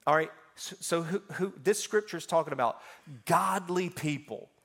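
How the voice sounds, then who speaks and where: Male pastor, fairly high voice, lively sermon storyteller, loud-to-soft swings. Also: normal speed. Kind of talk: sermon with personal stories.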